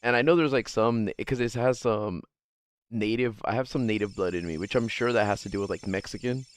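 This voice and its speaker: A man's voice: on the low side, brisk, no echo. Profane rambling male streamer. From Guam. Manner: rambling, profane, laughing often. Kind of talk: casual livestream chat.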